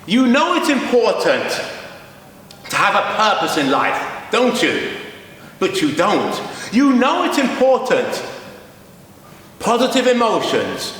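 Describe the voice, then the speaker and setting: A man voicing a calm, knowing wise old woman who lectures slowly. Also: high-pitched, very echoey, big-room sound, distant mic, full character voice. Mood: lecturing. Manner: slow, lecturing.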